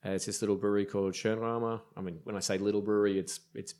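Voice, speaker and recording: A man's voice: fairly low pitch, flat delivery, racing, a little mellow. A man with an Australian accent, a brewer on a podcast, telling rambling anecdotes in casual chat with lots of ums and restarts. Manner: rambling, filler-heavy anecdotes. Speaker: brewer guest.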